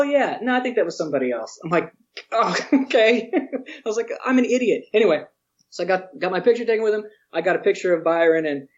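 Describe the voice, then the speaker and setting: A man, a fairly high voice for a man, spins a story in an interview. He acts out the voices of the people in it and laughs along the way. The recording sounds a little dull and muffled. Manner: animated storyteller, acts out quotes, laughs often. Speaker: interview guest, museum educator.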